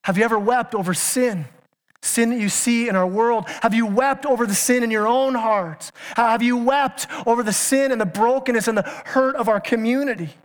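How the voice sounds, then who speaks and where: A man with a very high-pitched voice preaches at a moderate pace in a church sanctuary. He is an earnest, emphatic pastor who keeps asking his listeners questions and sometimes stumbles into restarts, recorded in a hall with long reverb.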